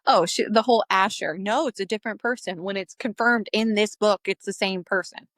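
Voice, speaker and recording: A woman's voice: medium pitch, brisk, fairly bright tone, dry recording, clean studio sound. A young adult woman co-hosting a podcast, talking in a sassy, teasing way about a book series. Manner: sassy, teasing, swears casually. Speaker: podcast co-host. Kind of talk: casual book discussion.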